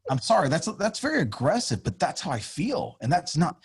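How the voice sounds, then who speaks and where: Male podcast guest, husky tone, highly animated, salty language. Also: fairly quick. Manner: animated, swears freely, acts out quotes. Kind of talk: casual podcast chat.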